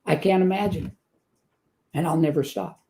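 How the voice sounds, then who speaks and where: A man in his seventies, a guest giving an earnest faith testimony and telling a joke, with slow emphatic phrasing. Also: on the high side, dark tone, a little hiss or hum. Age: 70s.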